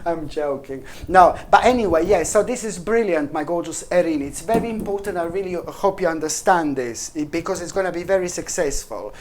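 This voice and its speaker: Woman, tarot reader, lowish voice, faint background hiss, enthusiastic, chatty. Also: moderate pace. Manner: chatty, emphatic and enthusiastic, with playful jokes. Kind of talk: casual tarot reading to camera.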